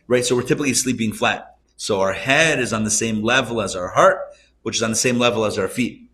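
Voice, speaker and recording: A man, a rabbi, teaching a live class around a table, conversational and animated, asking rhetorical questions. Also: lowish voice, slight background noise. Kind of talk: live Torah class lecture.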